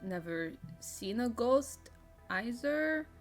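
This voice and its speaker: A woman's voice: on the high side, sing-song, slow pace, faint music behind, pitched above the performer's own voice. A woman voicing an awkward hesitant man. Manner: hesitant, many uh's.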